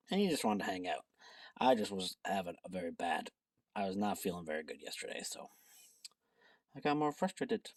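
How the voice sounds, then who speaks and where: Low, lively woman vlogging from home. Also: brisk, pauses often, distant mic. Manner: chatty, self-deprecating, rambling. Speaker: book vlogger. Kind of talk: casual chat.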